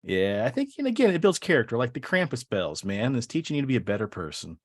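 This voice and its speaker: A man's voice: medium pitch, big pitch swings, quick pace. A man hosting a casual podcast chat, teasing his guest with jokes. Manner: teasing, joking. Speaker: podcast host.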